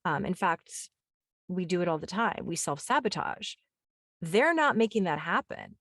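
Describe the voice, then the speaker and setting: Woman, podcast host, casual monologue, enthusiastic, rambling with fillers, deeper voice, dry room. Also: big pitch swings, measured pace, a bit bright, no echo.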